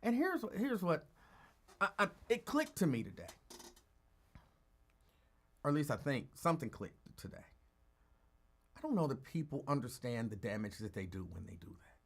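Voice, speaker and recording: A tired man hosting a casual live talk show, greeting listeners by name and talking in a calm, rambling way. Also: fairly high pitch. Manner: calm, holding back from yelling. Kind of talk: casual live-stream chat.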